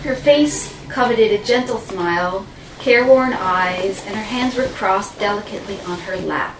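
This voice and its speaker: A woman's voice: medium pitch, normal speed, background noise. Theatrical woman telling a story, roomy. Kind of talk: dramatic first-person storytelling. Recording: roomy, distant mic with faint ambience.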